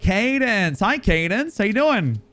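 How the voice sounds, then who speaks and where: A man streaming a game live, with a lively, bouncing pitch as he rambles playfully. He swings between loud outbursts and quiet mumbles. Faint music plays behind him. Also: measured pace.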